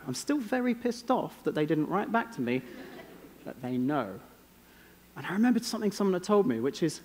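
English man, keynote speaker, dry self-mocking stories, slightly high voice, long hall echo. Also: very animated, moderate pace, darkish tone. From England. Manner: wry, self-deprecating storytelling. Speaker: conference speaker. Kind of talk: keynote talk. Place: conference stage. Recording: long reverb of a large hall.

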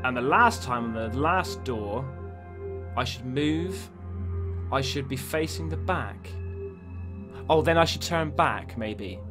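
A man's voice: medium pitch, lively intonation, slow pace, pauses often. A man talking to himself while playing a horror game, jumpy and swearing as he goes. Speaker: gaming YouTuber. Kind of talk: horror game let's play commentary. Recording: game music underneath. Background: spooky game music.

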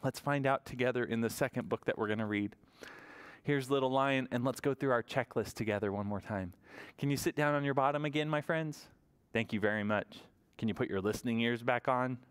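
Male children's librarian, animated story-time delivery, smooth tone. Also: medium pitch, a little fast. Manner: animated sing-song storytelling to small children. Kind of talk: toddler story time with songs.

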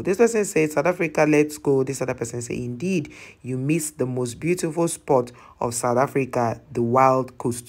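A host talks casually through a list of viewer comments. Each comment is read aloud and then explained in plain, chatty terms. The voice sits at a middle pitch. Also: darkish tone. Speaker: travel channel host.

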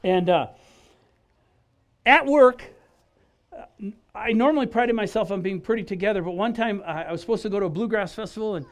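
A man from Wisconsin giving his personal testimony in an animated storytelling style, acting out dialogue and restarting his phrases often. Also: high-pitched, a little fast, long pauses. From Wisconsin, USA.

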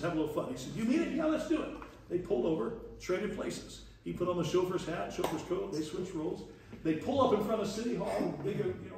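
A fairly high-voiced man preaching a leadership lesson, spinning stories with a folksy chuckle and playing out each character's lines. He is picked up from some distance across a very echoey church room, with a faint hum of ambience underneath. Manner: folksy, chuckling storyteller voicing dialogue. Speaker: pastor teaching leadership. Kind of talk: storytelling sermon lesson. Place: church hall.

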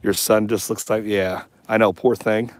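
A man's voice: fairly low pitch, fairly even intonation, moderate pace, poor audio. A man chatting casually during an outdoor live stream, folksy and often laughing. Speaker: vlogger livestreaming a search. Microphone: action camera.

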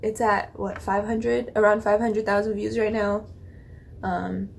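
A young woman hosting a reaction video, gushing and rambling in excited casual chat, swearing and laughing as she talks. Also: medium pitch, unhurried, creaky.

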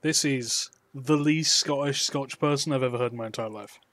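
A man's voice: mid-range voice, moderate pace, a bit bright. A man streaming a video game live, making sarcastic, joking remarks over the game's dialogue. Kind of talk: live gameplay commentary.

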